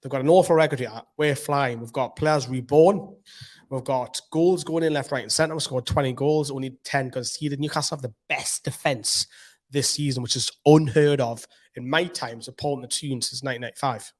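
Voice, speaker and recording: A Geordie man with a mid-pitched voice that is slightly hoarse from shouting. He talks to camera from a room at home as the host of a football fan channel. He is upbeat and rambling, and keeps it casual. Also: normal speed.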